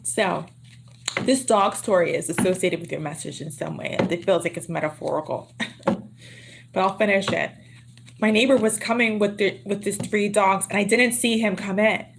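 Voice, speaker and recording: A woman's voice: normal speed, vocal fry, noisy background. A woman reading tarot on a livestream, talking in a chatty, laughing, teasing way with a slightly sore throat. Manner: lowers her voice to a hush. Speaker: tarot reader.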